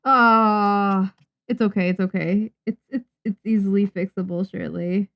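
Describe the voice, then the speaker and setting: A young Japanese woman, a manga artist, chatting casually on a livestream while she draws, muttering and calming herself down. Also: mid-range voice, unhurried, gravelly, muffled recording. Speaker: manga artist streaming her drawing.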